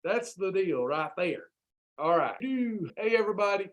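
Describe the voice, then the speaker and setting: Fired-up high-voiced man. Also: expressive, moderate pace, highs cut off. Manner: fired-up, preachy, repeats phrases. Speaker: host of a weight loss program. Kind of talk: Christian motivational livestream talk.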